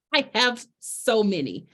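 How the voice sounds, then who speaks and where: A woman's voice: on the high side, pushed and bright. A woman coach talking casually about books in a presentation, bubbly and full of fillers. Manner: chatty, bubbly, lots of fillers.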